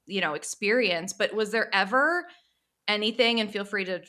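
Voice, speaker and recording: A woman's voice: medium pitch, normal speed, pushed and bright. A woman co-hosting a podcast, asking long, hedging questions full of fillers. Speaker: podcast co-host. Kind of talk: casual interview questions.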